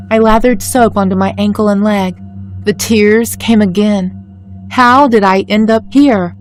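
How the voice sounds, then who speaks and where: Woman telling a scary story in first person, measured and dramatic, mid voice, soft music under it. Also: medium pitch. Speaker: story narrator. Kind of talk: scripted first-person horror narration.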